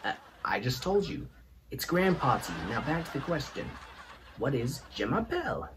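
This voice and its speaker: A man's voice: mid-range voice, very animated, normal speed, background noise, close to an everyday voice. A man putting on the voice of his stern, insistent older grandfather.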